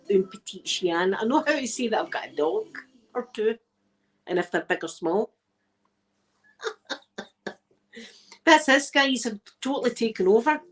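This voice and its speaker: A middle-aged woman with a Scottish accent, telling rambling stories in a soft-spoken ASMR chat, using local words like aye and wee. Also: fairly high pitch, rough recording. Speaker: ASMR channel host.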